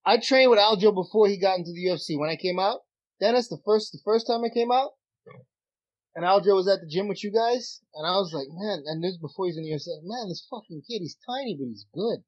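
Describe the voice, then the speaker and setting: A man's voice: sits high, fast talker. Profane male storyteller on a lo-fi line. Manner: animated storyteller, profane, breaks down fighters. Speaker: fill-in co-host, former fighter. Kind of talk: casual chat.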